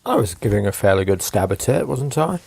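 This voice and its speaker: A man's voice: on the low side, big pitch swings, a little fast, vocal fry, darkish tone, breathy edge. A man making dry, wry remarks in casual chat on a stream.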